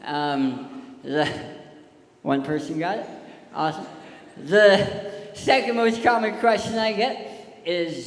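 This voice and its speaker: A man's voice: high-pitched, takes it slowly, long pauses. A man with a lisp giving a joking, storytelling talk on a church stage. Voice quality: lisp from tongue surgery. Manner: joking, storytelling, addresses kids. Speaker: touring speaker and singer. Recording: echoey hall with live music.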